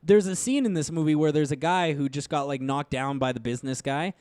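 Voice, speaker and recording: A young man co-hosting a casual movie review podcast, animated and swearing freely as he mocks scenes. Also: fairly high pitch, brisk, clean tone, dry recording. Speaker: podcast co-host.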